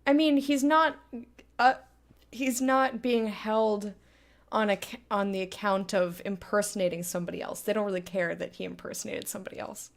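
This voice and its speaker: A woman's voice: mid-range voice, steady tone, normal speed, vocal fry. A young woman giving casual commentary while playing a game for the first time, chatty, restarting her sentences and poking fun at herself. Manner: chatty, restarting, self-mocking. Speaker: gamer playing blind. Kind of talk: casual let's-play commentary.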